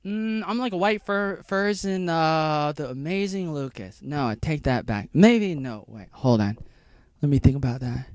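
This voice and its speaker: A man talking on his own in a rambling vlog, sliding from loud bursts to low muttering. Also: expressive, measured pace, no echo. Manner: rambling, jumps between mocking squeals and low muttering. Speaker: vlogger.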